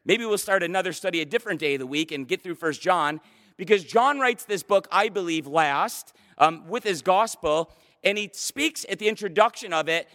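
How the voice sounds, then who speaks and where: High, bright-voiced preaching man. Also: animated, moderate pace. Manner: passionate, emphatic preaching. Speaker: pastor. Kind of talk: sermon. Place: church stage. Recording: long hall reverb.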